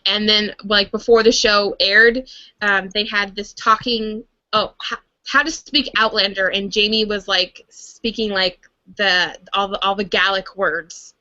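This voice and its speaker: Young woman, livestream host, casual chat, rambling with fillers, bright voice, dull lo-fi computer mic. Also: mid-range voice, steady tone, unhurried, dry recording. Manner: rambling, many fillers and restarts. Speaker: host of a live book and TV fan stream.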